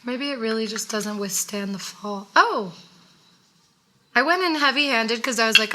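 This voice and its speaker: A woman co-hosting a casual makeup chat, a little hoarse from losing her voice, chatty and playfully sarcastic. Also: on the high side, expressive, normal speed, sharp tone. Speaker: co-host.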